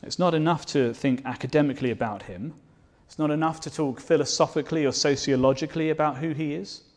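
A man's voice: on the high side, quick pace. Earnest male preacher giving a sermon. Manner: earnest, rising to fervent declarations; rhetorical questions to the listeners.

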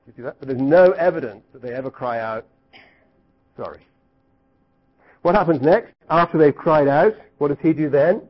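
A middle-aged man teaching the Bible to a live group, lively and questioning, sometimes acting out cries. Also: a little high, muffled recording. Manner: asks the audience questions, lively, acts out cries.

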